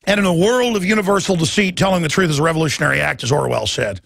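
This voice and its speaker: An impassioned man in his thirties rants through a talk radio monologue. His voice is gravelly and sits a little high, with a sharp, forceful edge. The studio sound is dry and close. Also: dry recording. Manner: impassioned, ranting, mimics others in quoted voices. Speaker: radio host.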